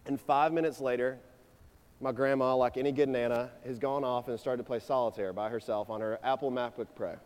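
A man in his twenties giving a sermon, telling a personal story in a conversational, energetic way before moving into his teaching. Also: medium pitch, a little fast, clear, resonant tone. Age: 20s. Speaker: preacher. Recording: long reverb of a large hall.

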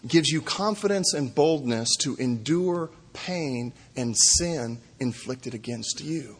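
Slow, husky-voiced preacher in a reverberant hall. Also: male voice, medium pitch, expressive. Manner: earnest, repeating phrases for emphasis. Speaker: pastor. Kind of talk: sermon.

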